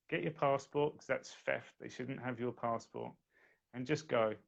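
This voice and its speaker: A man's voice: medium pitch, moderate pace, gravelly, fairly bright tone. A man telling a personal story in a casual podcast chat, quoting the people involved as he goes. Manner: recounts events plainly, quotes others. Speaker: guest. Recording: dull lo-fi audio.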